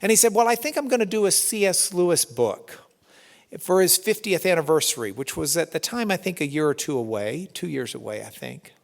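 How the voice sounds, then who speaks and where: A man introducing a guest speaker, telling an anecdote with excited enthusiasm. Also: on the high side, a little fast, gravelly. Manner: excited, animated storyteller. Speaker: event host introducing speaker. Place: large lecture hall. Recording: long hall reverb.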